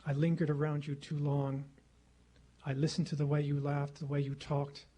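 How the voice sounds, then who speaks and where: Here the middle-aged guest lecturer speaks formally into a podium microphone before a lecture hall, measured and rhetorical, with phrases repeated for effect. His pitch is on the higher side, his delivery monotone, and his tone warm.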